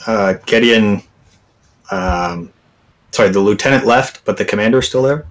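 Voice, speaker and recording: A man's voice: on the low side, unhurried. A man playing a tabletop game, hesitantly describing his character's moves. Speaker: player. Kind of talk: casual tabletop play. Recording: distant mic.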